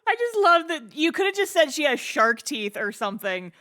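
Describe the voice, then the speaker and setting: Woman cohost, high lively voice, slow wry comments. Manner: wry, amused asides. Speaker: podcast co-host. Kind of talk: casual chat.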